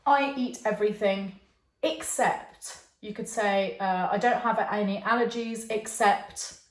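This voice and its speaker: Slow, patient woman teaching. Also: medium pitch, a little hiss or hum. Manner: patient, checks in with okay and yeah. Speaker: English teacher. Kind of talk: online English lesson. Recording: echoey room.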